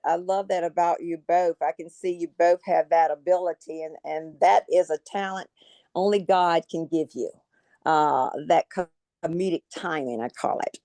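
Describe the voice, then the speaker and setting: A woman's voice: lowish voice, moderate pace, warm tone, no echo. A woman co-hosting an interview over a video call, encouraging the guest and backing her with frequent mm-hmms. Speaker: co-host. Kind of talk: casual interview chat.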